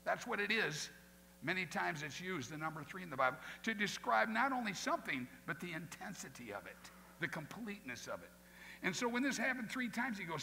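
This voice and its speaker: A male pastor preaching a sermon with lively asides, acting out quoted voices. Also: high voice, brisk, gravelly. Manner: animated, acts out quoted voices, folksy asides. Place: church sanctuary. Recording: long hall reverb, faint noise.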